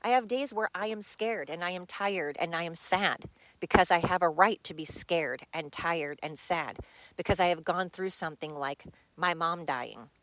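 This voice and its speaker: A woman's voice: fairly low pitch, moderate pace, fairly bright tone. A middle-aged woman hosting a podcast from home, talking bluntly and with frustration in a personal monologue, swearing freely. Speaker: podcast host. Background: dog nearby.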